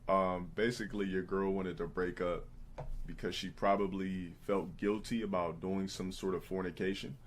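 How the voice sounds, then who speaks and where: A man live-streaming, telling crude stories and giving blunt advice to his chat, often mimicking others in a high, put-on voice. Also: steady tone, normal speed, slight background noise.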